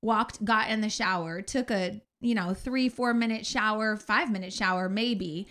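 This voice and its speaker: A woman co-hosting a podcast, telling a story in an animated, emphatic way. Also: medium pitch, measured pace. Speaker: podcast co-host. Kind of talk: casual podcast chat.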